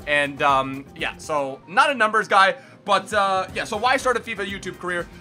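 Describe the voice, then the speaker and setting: A young man hosting a gaming channel, answering viewer questions in a casual vlog at home, with sudden loud excited bursts. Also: sits high, moderate pace, soft background music. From Miami, United States. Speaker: gaming YouTuber host. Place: bedroom at home.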